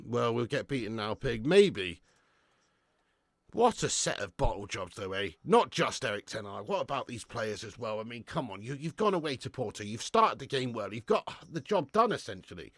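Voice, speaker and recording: A man hosting a live football watch-along, calling the play and chatting casually with viewers, swearing freely and swinging between excited shouts and weary sighs. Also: medium pitch, normal speed, no room sound, studio quality. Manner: casual and matey, thanks viewers by name. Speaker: fan channel host doing live match watch-along.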